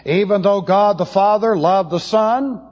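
A man preaching to a Bible class, blunt and opinionated, slowing down to press his points. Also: sits high, darkish tone. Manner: blunt, opinionated, slows for emphasis. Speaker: pastor teaching a Bible class. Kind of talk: sermon lecture. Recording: dull lo-fi tape in a reverberant hall.

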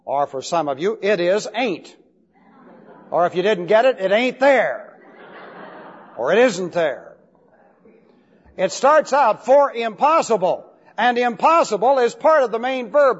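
A man's voice: high-pitched, lively intonation, moderate pace. A man teaching Bible Greek grammar in a classroom lecture, emphatic, repeating points and spelling out key words. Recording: dull lo-fi recording with long hall reverb.

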